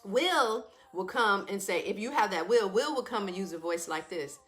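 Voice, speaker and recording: Brief: woman host, familiar and preachy, laughs a lot, mid-pitched. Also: lively intonation, moderate pace, few pauses. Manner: familiar and preachy, addresses listeners as y'all, laughs often. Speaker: wellness talk host. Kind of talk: live wellness talk to an audience.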